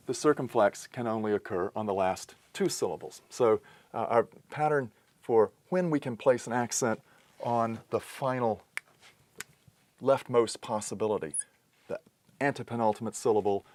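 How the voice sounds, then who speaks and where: A man's voice: lowish voice, a little mellow, dry recording. A man giving a recorded lesson, explaining step by step in a methodical way and correcting himself now and then. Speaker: teacher. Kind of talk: recorded lecture.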